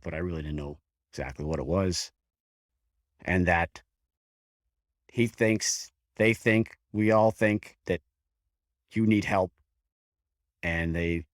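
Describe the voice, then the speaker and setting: A man in his fifties from the Buffalo area, talking frankly about his own experience as a firefighter. His voice sits very low, and he speaks haltingly, often restarting a sentence. The sound is dry and close, with no room echo. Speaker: guest, career firefighter. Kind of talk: candid personal storytelling in an interview.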